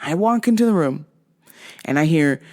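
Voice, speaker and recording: A woman's voice: low-pitched, lively intonation, moderate pace, a little mellow. A woman hosting a podcast, telling stories in a profane, ranting way. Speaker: podcast host. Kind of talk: casual profane storytelling.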